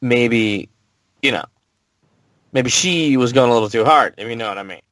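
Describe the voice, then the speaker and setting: A man's voice: mid-range voice, normal speed, a bit bright, no room sound. A young man co-hosting a podcast, chatting loosely with crude jokes. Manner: joking, loose, crude asides. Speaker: podcast co-host. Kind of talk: casual chat.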